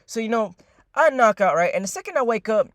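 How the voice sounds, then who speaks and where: A young man with a high voice and lively intonation talks briskly through a long, rambling, profane story, packed with fillers and repeats, often calling out to "ladies and gentlemen." It's a dry, studio-quality recording.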